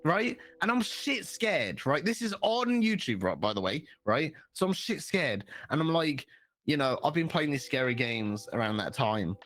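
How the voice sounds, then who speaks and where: A man's voice: on the high side, normal speed, no echo, faint music behind. Rambling man telling a story. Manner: rambling, animated storyteller who swears freely. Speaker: podcast co-host. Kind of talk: casual podcast chat.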